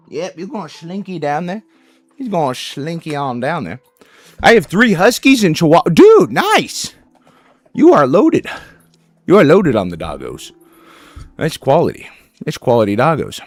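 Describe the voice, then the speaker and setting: A man's voice: on the high side, huge pitch swings, moderate pace, pauses often. A man streaming a game, chatting casually with viewers and cooing baby talk at his dog.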